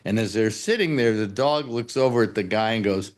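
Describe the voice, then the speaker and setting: A man's voice: lowish voice, brisk. An older man on a talk show panel, telling jokes casually with many fillers and restarts.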